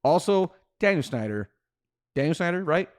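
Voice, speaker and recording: A man co-hosting a casual sports talk show, animated and quick to jump into high exclamations. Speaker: podcast co-host.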